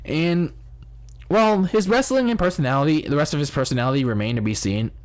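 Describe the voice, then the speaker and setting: A man's voice: a little high, lively intonation, brisk. A man hosting a casual podcast review, rambling with many restarts, swearing and laughing at his own jokes. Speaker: podcast host. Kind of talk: casual wrestling review chat.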